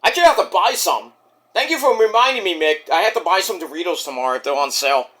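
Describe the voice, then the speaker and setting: A man reviewing a wrestling show in a casual vlog, excitable and profane, with sudden yelled exclamations. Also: high-pitched, quick pace.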